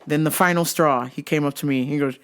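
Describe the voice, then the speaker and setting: A woman's voice: deep voice, steady tone, brisk. A woman hosting a show, telling work stories in a casual, exasperated, heavily profane way. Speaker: host. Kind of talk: casual comedic storytelling.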